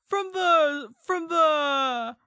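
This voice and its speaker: A woman's voice: sits high, extremely slow, bright, forceful tone, no echo, clean studio sound, full character voice. A woman voicing a pompous party announcer who stumbles through a grand proclamation. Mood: proclaiming.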